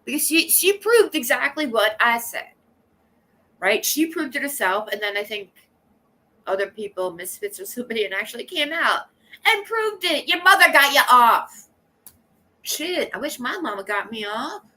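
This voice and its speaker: A woman hosting a casual livestream, chatting in a rambling, blunt and animated way and greeting viewers by name. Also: fairly high pitch, normal speed. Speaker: livestream host.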